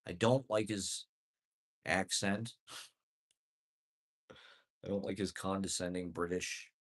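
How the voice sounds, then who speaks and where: Deep-voiced man ranting sardonically. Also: fairly even intonation, takes it slowly. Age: adult. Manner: sardonic, self-deprecating, profane, chuckling asides. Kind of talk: rambling comedic monologue.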